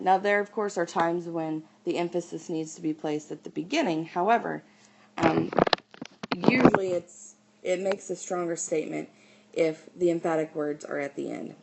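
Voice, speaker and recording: A woman teacher explaining writing style in a recorded lesson, often pausing on "okay" and "um". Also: lowish voice, vocal fry, very noisy.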